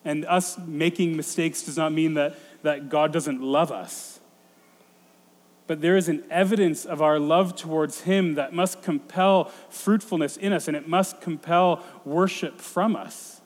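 A man in his thirties delivers a reflective sermon, often restarting his sentences as he thinks aloud. His voice sits a little high for a man, and it rings with the long reverb of a church hall. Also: fairly even intonation. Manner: reflective, halting with frequent restarts. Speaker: pastor.

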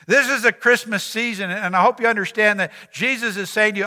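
A man's voice: high-pitched, brisk, few pauses, sharp tone, big-room sound. A man preaching a sermon as pastor, earnest, repeating phrases and asking the congregation rhetorical questions.

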